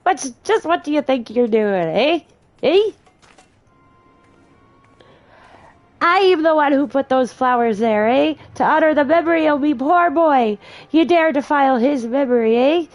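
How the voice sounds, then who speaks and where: A woman voicing a grieving, hysterical old woman as she reads game dialogue aloud, with shrill, wailing, cackling speech. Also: animated, moderate pace. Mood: shrill accusing.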